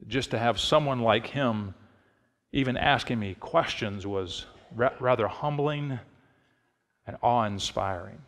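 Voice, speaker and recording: A middle-aged man preaching in a church, his voice sitting at an ordinary pitch for a man. He moves between relaxed storytelling and emphatic, shouted declarations. A long reverb trails each phrase through the sanctuary. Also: unhurried. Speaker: pastor. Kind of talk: sermon.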